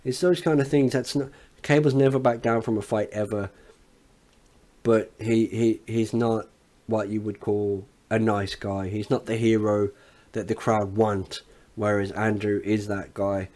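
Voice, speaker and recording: A man reviewing a wrestling event as an analyst, recapping the matches with excitement and frequent swearing. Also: fairly low pitch, measured pace.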